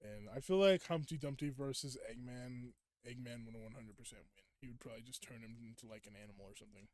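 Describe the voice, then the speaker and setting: A man's voice: medium pitch, fast talker, a little mellow, no room sound, clean studio sound. A young man streaming a game, chatting casually, laughing often and acting out quotes. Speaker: gaming streamer. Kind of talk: casual gameplay chat.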